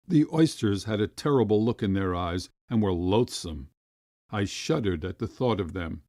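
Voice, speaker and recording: A man reading a classic short story aloud as an audiobook narrator, with expressive storytelling. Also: no echo, studio quality. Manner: expressive storytelling, rising high for quoted voices.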